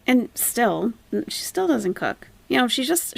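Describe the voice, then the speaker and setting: A woman's voice: on the high side, sing-song, unhurried, vocal fry, pauses often, breathy edge, no room sound. A woman hosting a commentary channel, reading viewer comments aloud and answering them with sarcastic, casual remarks.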